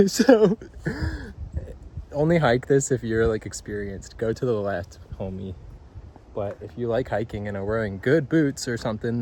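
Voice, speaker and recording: A young man hiking and talking to his camera outdoors, excited and slangy, laughing often and out of breath. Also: mid-range voice. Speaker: hiking vlogger. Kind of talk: outdoor vlog commentary. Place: outdoors on a hiking trail by a waterfall. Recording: noisy outdoor recording.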